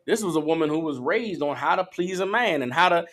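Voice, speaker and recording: A man's voice: fairly high pitch, animated, brisk, a bit bright. A man teaching scripture, emphatic and profane, checking in with his listeners. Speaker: Bible teacher. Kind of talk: call-and-response scripture teaching.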